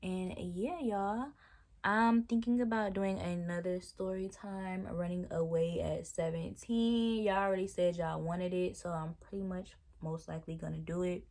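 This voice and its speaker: A young woman vlogger, telling an animated, exasperated storytime in casual chat. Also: on the low side, measured pace.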